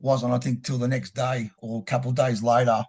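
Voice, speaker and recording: A man's voice: mid-range voice, level tone, darkish tone. Rambling Australian man telling a story. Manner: rambling, halting, swears freely. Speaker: podcast guest. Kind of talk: candid personal storytelling.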